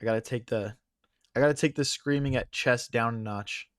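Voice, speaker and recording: A man's voice: medium pitch, normal speed, dry recording. A young male streamer talks through chess moves in a loose, chatty way, calling his viewers guys. His voice is a little worn from hours of talking. The sound is dry and close, with no room around it. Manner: thinks aloud, chatty, addresses chat as guys. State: losing his voice. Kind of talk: casual live-stream commentary.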